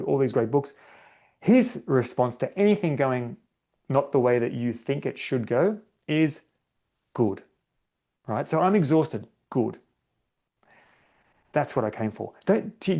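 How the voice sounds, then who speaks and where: A man talking through a solo running podcast episode in a relaxed, conversational way. He slips into little voiced bits of inner self-talk and keeps checking in with the listener. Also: mid-range voice. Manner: conversational, acts out inner self-talk, often adds "right?". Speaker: podcast host, running coach.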